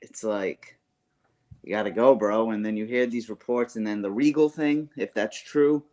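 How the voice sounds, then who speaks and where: A man's voice: on the low side, moderate pace, darkish tone. A man co-hosting a wrestling podcast in casual chat, rambling with lots of "like" and slang such as "bro" and "yo". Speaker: podcast co-host.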